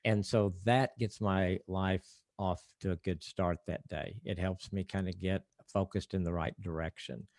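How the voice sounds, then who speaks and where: A man's voice: low-pitched, fairly even intonation, measured pace, creaky, hardly any pauses, darkish tone, dry recording. An older man, a marriage counselor, talking earnestly and reflectively in a casual podcast interview, often restarting his thoughts.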